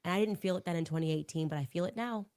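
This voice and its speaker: Female talk show host, lower voice, grave and foreboding. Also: racing, very noisy. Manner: solemn, ominous.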